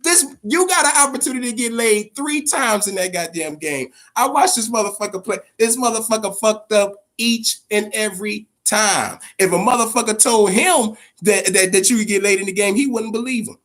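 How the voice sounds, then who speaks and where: Speaking at a moderate pace with hardly any pauses, this man has a high, slightly bright voice. He hosts a relaxed live-stream chat, cursing liberally, rambling, saying things twice for emphasis and addressing his audience head-on.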